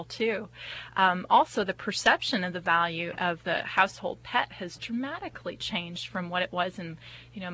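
Woman vet chatting about pet care, bright clear tone, lowish voice, lots of ums. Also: low-quality recording. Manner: measured, hesitant with many ums. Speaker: veterinarian guest. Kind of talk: casual discussion.

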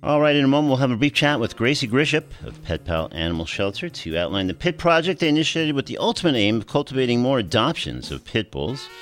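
A man's voice: mid-range voice, sing-song, fast, few pauses, faint music behind. A man hosting a radio talk show, easygoing, reading links and interviewing guests with frequent fillers.

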